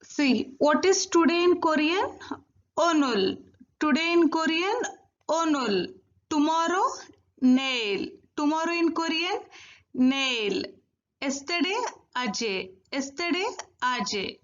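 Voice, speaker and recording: Slow, high-voiced woman drilling vocabulary. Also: animated, muffled recording. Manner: slow, repeats each word twice for drilling. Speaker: language teacher. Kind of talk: recorded language lesson.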